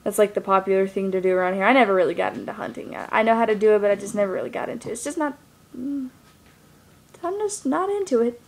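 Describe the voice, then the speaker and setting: A woman's voice: mid-range voice, fast, vocal fry. A young woman speaks casually into her camera, rambling through a personal story. Her talk is loose and full of fillers, with a middling voice. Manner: rambling, lots of fillers like "like" and "you know". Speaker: vlogger.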